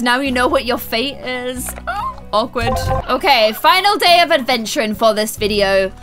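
A woman hosting a let's play video, chatting excitedly to viewers and gasping and squealing at the game. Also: sits high. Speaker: gaming video host.

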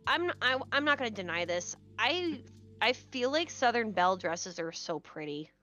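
A woman's voice: a little high, very animated, normal speed, bright, forceful tone, lo-fi sound, soft background music. A woman chatting casually with friends, explaining things with lots of fillers. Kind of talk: casual chat.

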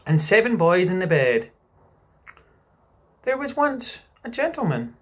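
A man's voice: sits high, very animated, unhurried, pitched above the performer's own voice, heavily acted. A man voicing a motherly young girl telling a bedtime story, coaxing and patient, sighing at interruptions. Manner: gently coaxing, sighs at interruptions.

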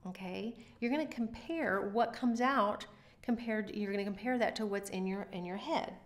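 A woman's voice: mid-range voice, normal speed. A middle-aged woman giving an earnest, encouraging violin lesson, explaining how to improve intonation. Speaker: violin teacher. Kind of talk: instructional talk to camera.

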